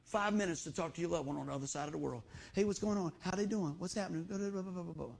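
A middle-aged pastor delivers a sermon in church. His voice sits high and carries a husky edge. He tells homespun stories and acts out the voices of people he quotes. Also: quick pace, a little mellow.

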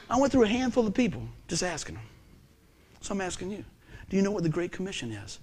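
A male pastor preaching a sermon, emphatic and animated, with folksy asides. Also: high voice, fast.

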